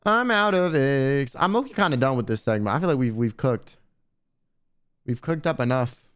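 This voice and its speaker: A man's voice: medium pitch, animated, fairly quick. A young man streaming and chatting casually with viewers in a blunt, slangy way, swearing often.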